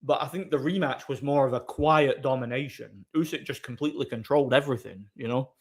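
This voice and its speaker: Guy rambling on a chill live stream, answering chat, voice pitched about middle. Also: a little fast.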